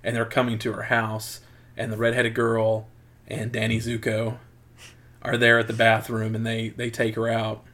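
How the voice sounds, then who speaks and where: A man's voice: on the low side, completely flat delivery, moderate pace, a bit bright. A man casually retelling a film's plot as a podcast co-host, rambling with plenty of fillers. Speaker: podcast co-host reviewing a film. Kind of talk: casual chat.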